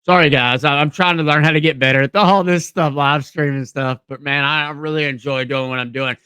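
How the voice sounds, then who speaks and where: Southern male podcast host, higher voice, casual and halting, reads aloud with frequent apologies to viewers. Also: steady tone, pushed and bright, clear, resonant tone, dry recording. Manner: stumbling reading aloud, apologetic asides. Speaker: live stream podcast host. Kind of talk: casual live stream, reading aloud.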